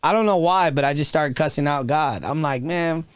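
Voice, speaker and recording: A man's voice: on the high side, fairly quick, clean tone, dry recording, clean studio sound. A man in his thirties, a podcast guest telling a raw, emotional story, swearing freely and restarting his sentences. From Texas. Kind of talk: candid storytelling interview.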